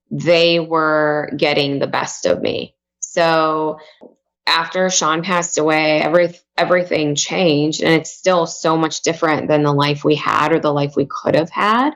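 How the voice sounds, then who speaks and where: A woman in her forties, a guest on a podcast, talking softly and openly in a reflective way. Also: low-pitched. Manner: soft, open and reflective. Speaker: podcast guest, mindfulness coach. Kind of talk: emotional podcast interview.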